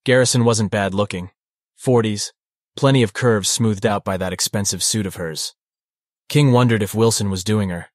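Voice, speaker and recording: A man reading an audiobook in a fairly low voice with a dry, wry delivery. The sound is close and dry, with no room around it. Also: normal speed, no echo. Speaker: audiobook narrator. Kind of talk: scripted narration.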